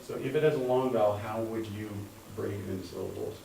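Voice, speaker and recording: A man's voice: on the low side, steady tone, fast talker, creaky, dark tone. Guy teaching a class, patient and step by step, roomy echo, kinda far from the mic. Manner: patient, explains step by step, calls on students. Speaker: Hebrew teacher. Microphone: room mic from a distance. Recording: echoey classroom, recorded from afar, faint hum.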